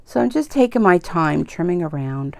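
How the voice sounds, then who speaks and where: A woman's voice: lowish voice, animated, moderate pace, gravelly, no room sound. A middle-aged woman hosting an embroidery video, talking in a rambling, chatty way while she works. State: tearful at times. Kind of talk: casual chat while crafting.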